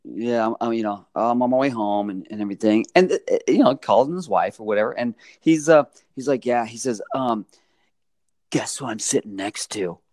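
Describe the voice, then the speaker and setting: A man's voice: medium pitch, brisk, hardly any pauses, no room sound, studio quality. A man telling a story in casual chat, acting out quotes with lots of laughter. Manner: animated, acts out quotes with laughs.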